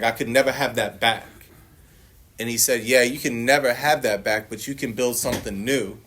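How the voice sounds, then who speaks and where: A man speaking at a recovery meeting, sharing his personal testimony in a blunt, profane, storytelling way and acting out other people's lines. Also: mid-range voice.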